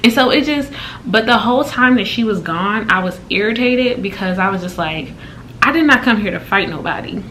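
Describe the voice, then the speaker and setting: A woman vlogger recounts a story in a loose, chatty way. Her voice is bright and forceful, and she leaps up in pitch when she acts out what people said. She sounds irritated but keeps talking freely. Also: fairly quick, slight background noise. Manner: animated and exasperated, with big pitch jumps when quoting. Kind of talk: casual storytime retelling.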